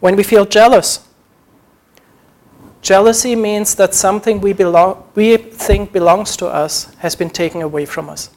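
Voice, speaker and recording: A man's voice: sits high, fairly even intonation, measured pace, a little mellow. A man preaching a sermon, earnest, acting out short quoted prayers as he teaches.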